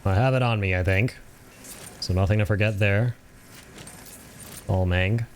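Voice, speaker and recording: A young man casually commenting on his own gameplay as a streamer, relaxed and chatty, and laughing often. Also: on the low side, a little slow, slight background noise.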